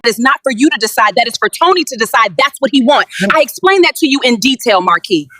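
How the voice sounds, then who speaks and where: A woman's voice: fairly high pitch, animated, quick pace, bright, forceful tone, no echo, faint music behind. A woman hosting a live talk show, scolding a guest. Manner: scolding, firm.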